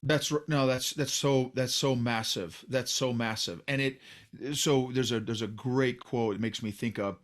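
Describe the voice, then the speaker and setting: A middle-aged man hosts a casual podcast conversation. His voice is of ordinary pitch. He talks earnestly, often stumbling and starting his sentences again. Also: steady tone, measured pace. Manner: earnest, with frequent restarts and stammers. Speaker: podcast host.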